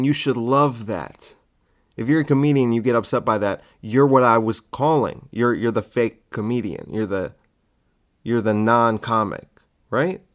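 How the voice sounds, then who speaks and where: A male podcast host in the middle of a casual rant. His delivery is sarcastic and provocative, slipping into a mock-soothing tone as he needles his listeners. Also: medium pitch.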